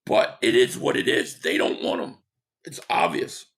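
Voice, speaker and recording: A man hosting a casual live stream, hoarse from losing his voice, who reads out viewer comments and gives blunt opinions. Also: a bit bright. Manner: opinionated, quick agreement with viewers.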